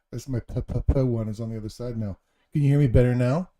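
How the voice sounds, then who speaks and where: A man's voice: mid-range voice, steady tone, fast, dark tone. A middle-aged man hosting a live stream, chatting casually in a jokey, rambling, self-deprecating way. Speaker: livestream host.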